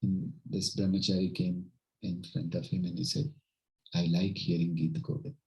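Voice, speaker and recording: A man's voice: sits low, normal speed, highs cut off. Man telling devotional stories. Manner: animated, acts out characters' voices. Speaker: spiritual teacher. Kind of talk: devotional storytelling talk. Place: home gathering.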